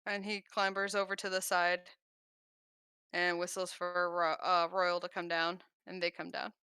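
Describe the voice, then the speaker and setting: A woman's voice: fairly low pitch, little pitch movement, normal speed, bright, forceful tone, clear, resonant tone, dry recording, studio quality. A woman narrating as game master of a tabletop game, casual with many fillers.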